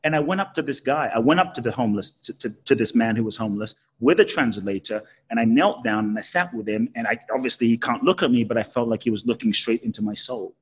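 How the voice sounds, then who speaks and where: Husky-voiced man telling a story. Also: fast talker, few pauses. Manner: animated, swooping pitch with frequent restarts. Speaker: guest, spiritual teacher. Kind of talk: emotional personal storytelling.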